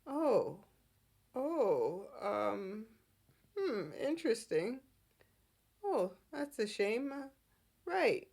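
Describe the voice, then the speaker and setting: A woman's voice: on the high side, very animated, extremely slow, creaky, long pauses, darkish tone, slightly rough, exaggerated voice. A woman voicing an erratic older patriarch who talks in abrupt, blustering bursts. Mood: feigning surprise.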